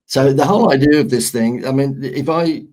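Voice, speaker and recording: A middle-aged man with an Australian accent, a guest on an interview show, telling lively anecdotes with sarcastic humor. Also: mid-range voice, moderate pace. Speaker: guest, marketing consultant. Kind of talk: storytelling interview chat.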